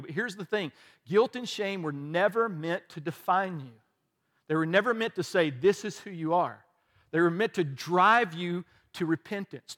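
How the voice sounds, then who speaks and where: A man's voice: high voice, a bit bright. A male pastor preaching a conversational sermon, candid and self-deprecating, with frequent restarts.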